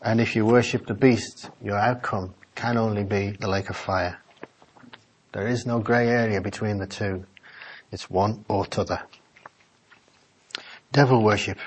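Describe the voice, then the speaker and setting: A man's voice: on the low side, steady tone, a little slow, pauses often, husky, poor audio. Preacher man, fervent scripture reading. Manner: reads scripture aloud with rising fervour. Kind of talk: Bible-study sermon. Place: small office meeting room.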